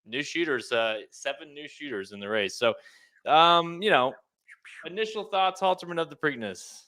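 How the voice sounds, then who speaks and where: A man's voice: fairly high pitch, sharp tone. A man in his thirties co-hosting a podcast, talking loosely and laughing often. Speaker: podcast co-host. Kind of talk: casual chat.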